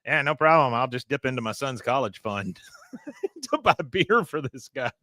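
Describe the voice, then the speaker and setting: A man's voice: mid-range voice, sing-song, normal speed, pushed and bright, no echo, studio quality. A man voicing a snide middle-aged man with no filter.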